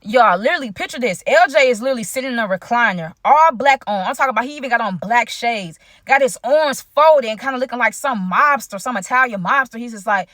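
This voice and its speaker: Helle, lebhafte junge US-Amerikanerin. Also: female voice, on the high side, fast talker, hardly any pauses, no room sound, studio quality. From United States. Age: young adult. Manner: animated, chatty, addresses viewers directly. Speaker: vlogger. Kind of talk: storytime vlog.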